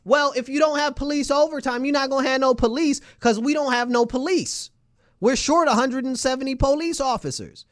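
A man from New York State delivering an agitated political rant, emphatic and repetitive with many rhetorical questions. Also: very high voice. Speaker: local political commentator.

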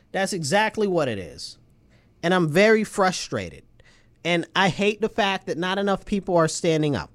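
A man from New York State delivering an agitated political rant, emphatic and repetitive with many rhetorical questions. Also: high-pitched. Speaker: local political commentator.

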